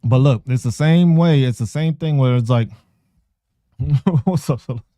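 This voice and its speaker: A male podcast host rants in a loose, casual way, swearing a lot and breaking into laughter. His voice is mellow and dark. The sound is dry and close, with no room echo. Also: medium pitch, measured pace, smooth. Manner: profane, laughing, animated. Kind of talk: casual ranting monologue.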